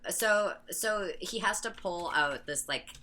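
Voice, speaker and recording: A woman co-hosting a casual film-review podcast, blunt and agreeable and quick to swear. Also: on the low side, bright, forceful tone. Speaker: podcast co-host.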